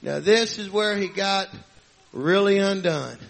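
A man preaching a fervent sermon, often shouting, with frequent amens and hallelujahs. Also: high-pitched, unhurried, creaky.

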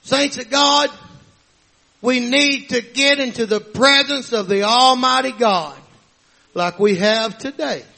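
A man preaching a fervent sermon, often shouting, with frequent amens and hallelujahs. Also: very high voice, takes it slowly, creaky.

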